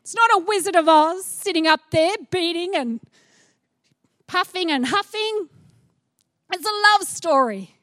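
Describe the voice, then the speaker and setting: A middle-aged woman preaching a sermon, animated and playful, acting out little scenes as she goes. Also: very high-pitched, unhurried, pauses often, no echo, clean studio sound.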